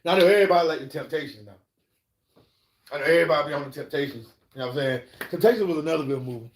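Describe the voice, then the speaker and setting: Speaking very fast in a fairly high voice, a man live-streams casual stories from an echoey room, with slight background noise audible. He rambles and swears, and he keeps checking in with listeners by asking "you know what I'm saying".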